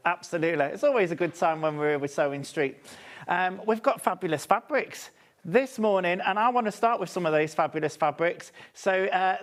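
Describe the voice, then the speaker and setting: A man, hosting a live TV shopping show in a studio with upbeat, chatty sales patter. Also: on the high side. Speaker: shopping channel presenter.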